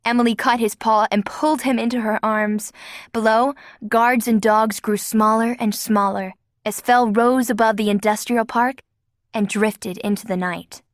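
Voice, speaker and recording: A woman's voice: fairly high pitch, fairly even intonation, unhurried, dry recording, studio quality. A woman narrating an audiobook with a vivid, dramatic reading. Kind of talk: scripted narration.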